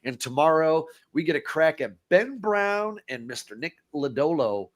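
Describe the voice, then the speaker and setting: A man co-hosting a casual sports talk podcast, excitable and repeating words when he gets worked up. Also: on the high side, normal speed.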